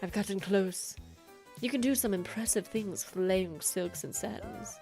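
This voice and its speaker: A refined, thoughtful fabric designer, read by a woman at a mid pitch, speaking in a measured and gently formal way. Faint music sits underneath. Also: lightly acted. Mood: musing.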